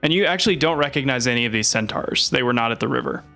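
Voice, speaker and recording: A man's voice: medium pitch, fast, gravelly, sharp tone, soft background music. A man narrating a tabletop game as game master, hesitant and full of fillers.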